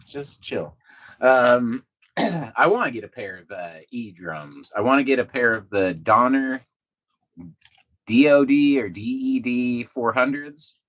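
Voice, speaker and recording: A man's voice: fairly low pitch, fairly bright tone, poor audio. A man chatting casually with his viewers at home in a loose, rambling way, swearing now and then. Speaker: vlogger. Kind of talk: casual chat to viewers while doing chores. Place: apartment at home.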